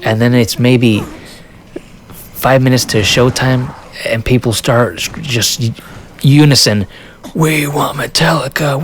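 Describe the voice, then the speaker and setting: Guy vlogging a story, laughs a lot, keeps restarting, says dude, mid-pitched voice. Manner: animated, laughs often, acts out quotes. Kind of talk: casual storytelling.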